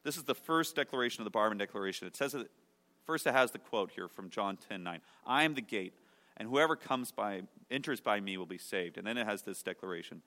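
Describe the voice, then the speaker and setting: A man preaching a sermon as pastor, emphatic, moving between loud declarations and hushed, quiet passages. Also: lowish voice, expressive, fairly quick, long reverb tail.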